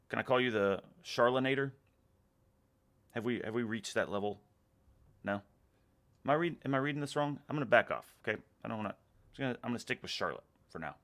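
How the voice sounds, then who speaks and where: A man's voice: fairly low pitch, a bit bright. A man with a Texas accent hosting a casual livestream, reading viewer comments aloud with a laid-back, chuckling manner while drinking beer. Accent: Texan. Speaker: livestream host.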